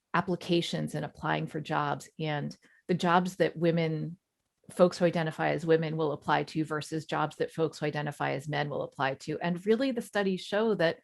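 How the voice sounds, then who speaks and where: Gravelly-voiced woman coach, low and reassuring. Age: 40s. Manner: warm, reassuring, conversational. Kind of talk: webinar talk.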